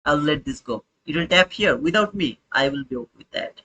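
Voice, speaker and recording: Bright-voiced man on a trading livestream. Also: on the high side, animated, moderate pace, slightly rough, low-quality recording. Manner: informal, repetitive, talks to chat viewers. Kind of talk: live trading commentary.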